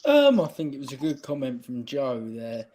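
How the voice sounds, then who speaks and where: A man on a fan panel giving calm, measured player analysis, opening many lines with "um" and "I thought". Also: mid-range voice. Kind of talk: casual post-match chat.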